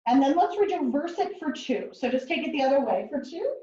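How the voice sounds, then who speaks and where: A woman's voice: high-pitched, animated, fairly quick, warm tone. A woman teaching a pilates mat class, counting out reps in rhythmic cues and adding chatty asides. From Netherlands. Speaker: pilates instructor. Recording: roomy, distant, dull sound.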